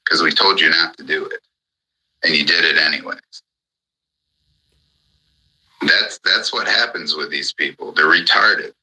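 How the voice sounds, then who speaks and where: Angry guy with a raspy low voice, profane rant, keeps saying the same thing over. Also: steady tone, unhurried, pauses often, pushed and bright, poor audio. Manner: furious, profane, repetitive. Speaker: speaker on a live audio chat. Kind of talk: angry ranting monologue.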